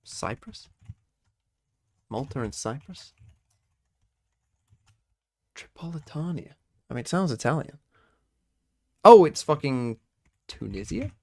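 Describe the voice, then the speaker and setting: A man's voice: a little high, very animated, slow pace, vocal fry, long pauses, darkish tone. A young British man streaming, swearing casually as he guesses quiz answers and talks to his chat. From Britain. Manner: swearing, quizzing himself aloud and talking to chat.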